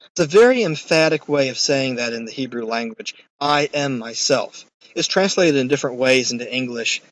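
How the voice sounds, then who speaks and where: A man's voice: medium pitch, animated, fairly quick, a little hiss or hum, poor audio. A man giving a recorded course lecture in a conversational, emphatic way, with occasional fillers.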